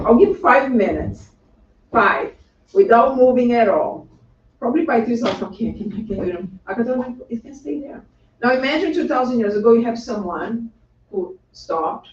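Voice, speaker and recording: In a lecture room, a spiritual lecturer gives a public talk in a casual, conversational style, tossing in asides and frequently checking with the audience through a quick rhetorical "right?". The voice is medium in pitch. The recording sounds roomy, distant and dull, with faint background noise.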